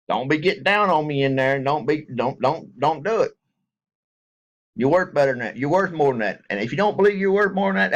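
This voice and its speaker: Folksy high-voiced man. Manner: folksy, joking, rambling. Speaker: vlogger. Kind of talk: casual direct-to-camera talk.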